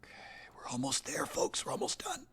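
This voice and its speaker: A man's voice: brisk, fairly bright tone, a little hiss or hum. A man giving rambling, profane, sardonic commentary while playing a video game. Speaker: let's play commentator. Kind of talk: casual gameplay commentary.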